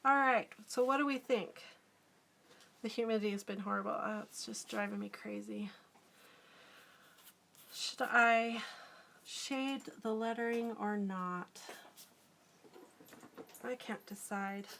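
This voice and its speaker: A woman's voice: on the high side, takes it slowly, vocal fry, pauses often, fairly bright tone. A middle-aged woman artist chatting casually on a live stream, giggling often and answering viewer comments as she draws. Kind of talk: casual live-stream chat while drawing.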